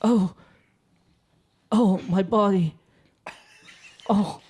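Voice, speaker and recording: A man's voice: high-pitched, steady tone, very slow, a little mellow, husky, full character voice. A man voicing a blind man giddy with wonder over lemonade, in melodramatic, rambling exclamations, in an improvised tabletop role-play. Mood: pleading.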